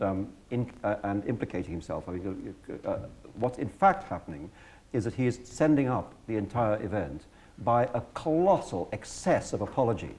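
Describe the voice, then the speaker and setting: Mellow-voiced male interviewer. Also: on the low side. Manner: attentive, frequent brief assents. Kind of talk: conversational interview. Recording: 1986 archival recording with faint noise.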